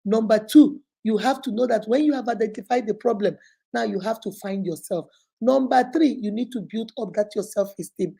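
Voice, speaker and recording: A woman with a somewhat high, husky voice gives motivational relationship advice with a preacher's insistence. Her tone is mellow rather than bright, and she talks straight to her listeners as sister and baby. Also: normal speed. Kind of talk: motivational faith-based advice talk.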